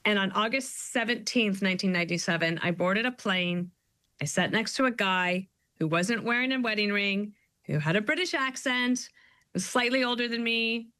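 A middle-aged woman, a guest author, talking in an animated, storytelling way. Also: mid-range voice, no echo. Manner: animated storyteller, quick asides. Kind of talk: conversational interview.

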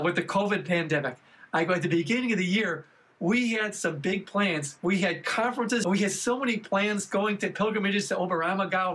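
A man's voice: high-pitched, fairly bright tone, slightly rough. A man giving an earnest personal testimony at a faith gathering, retelling his prayers as dialogue.

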